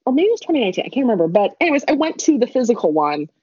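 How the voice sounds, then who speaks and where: A woman's voice: a little high, very animated, very fast, darkish tone, breathy edge, no room sound. A young woman telling a rambling story in casual chat, laughing and adding asides as she goes. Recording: dull lo-fi dry recording.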